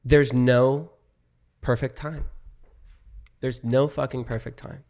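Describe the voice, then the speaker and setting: A young man chats on a podcast in a loose, animated way. He swears freely and slips into quick impressions of his friends. His voice sits at an ordinary mid pitch. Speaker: podcast guest, social media creator. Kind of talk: casual chat.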